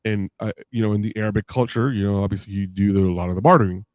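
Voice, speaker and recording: Animated storytelling man, dry mic. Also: lowish voice, rapid-fire, dry recording. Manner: animated storyteller, acts out quoted voices with laughs. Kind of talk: casual podcast chat.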